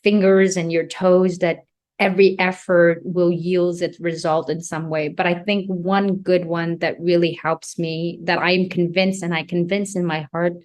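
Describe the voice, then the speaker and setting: Earnest woman host, low voice. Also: little pitch movement, unhurried, darkish tone. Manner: earnest, reflective, often restarts and searches for words. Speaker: podcast host and mother. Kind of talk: personal storytelling in conversation.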